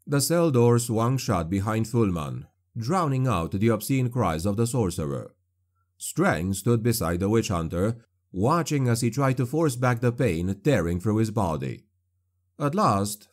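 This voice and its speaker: A man reading a dark fantasy audiobook in a grave, measured narration. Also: medium pitch.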